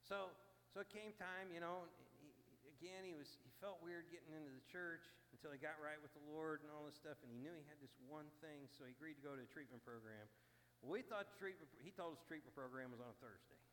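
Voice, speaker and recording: A man preaching a sermon as a story, animated and acting out the people he quotes. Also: a little high, fast. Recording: long hall reverb with faint hum.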